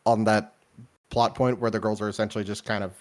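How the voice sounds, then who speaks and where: Young guy on a pod, lowish voice, keeps saying yeah, kinda stumbles into his sentences. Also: flat delivery, fast talker, darkish tone. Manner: eager, fills in agreement, hesitant starts. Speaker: podcast co-host. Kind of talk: casual chat.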